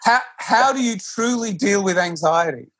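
A man's voice: sits high, animated, moderate pace, a bit bright, no echo. A man, a yoga teacher being interviewed, who talks earnestly and often restarts his sentences. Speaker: yoga teacher, podcast guest. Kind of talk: reflective conversational interview.

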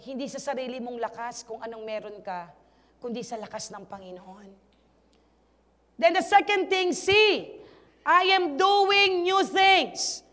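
A woman's voice: high-pitched, long reverb tail. A woman pastor with a Filipino accent, preaching a sermon and urging her congregation on. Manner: switches between Tagalog and English, urges the congregation, emphatic. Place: church hall.

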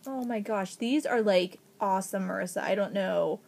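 A woman from Ohio in a casual unboxing vlog, gushing with excitement, gasping and thanking a friend over each gift. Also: mid-range voice, normal speed, creaky. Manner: gushing, excited, frequent gasps. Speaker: vlogger.

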